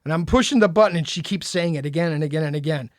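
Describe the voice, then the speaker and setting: A man's voice: fairly high pitch, rapid-fire, dry recording, studio quality. A man co-hosting a podcast, telling a story in casual chat and acting out the quoted lines with animation. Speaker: podcast co-host.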